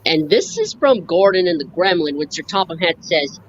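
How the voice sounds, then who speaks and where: A woman chatting casually on a live stream, slowly listing book scenes and quoting lines. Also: lowish voice, animated, lo-fi sound, a little hiss or hum. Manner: slow, halting, lists scenes and quotes lines. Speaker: fan sharing a book collection.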